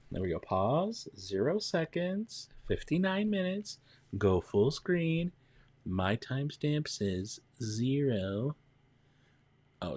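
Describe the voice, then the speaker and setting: A man's voice: mid-range voice, a little mellow, dry recording. Chatty male livestream host. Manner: chatty, greets viewers by name, counts down. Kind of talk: casual livestream chat.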